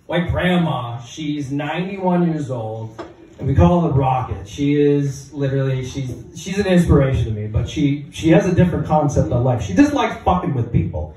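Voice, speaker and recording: Brief: young stand-up guy, animated and crude, high voice, distant mic. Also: moderate pace, a little hiss or hum. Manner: profane, animated storytelling. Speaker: stand-up comedian. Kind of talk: stand-up comedy set. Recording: echoey hall, mic heard from afar.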